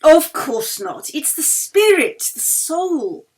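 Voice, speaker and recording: A woman's voice: sits high, sing-song, moderate pace, pitched above the performer's own voice. A woman voicing a tactful, caring woman who speaks in an effusive, tender way.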